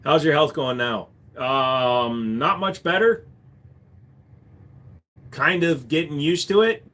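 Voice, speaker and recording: Male live-stream host, casual rambling chat, mid-pitched, drifts and swears. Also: slow pace, fairly bright tone. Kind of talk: casual chat answering viewers.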